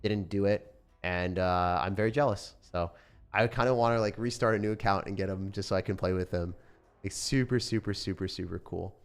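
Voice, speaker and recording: A young man streaming a game, chatting casually in a relaxed, rambling way with lots of fillers. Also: deep voice, fairly quick, clear, resonant tone. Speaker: gaming streamer. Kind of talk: casual sponsored stream chat.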